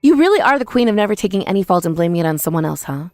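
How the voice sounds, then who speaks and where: A woman's voice: on the low side, sing-song, racing, a little mellow, dry recording, studio quality, soft background music. A young woman telling a first-person dramatized story in an indignant, accusing manner. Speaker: narrator and protagonist.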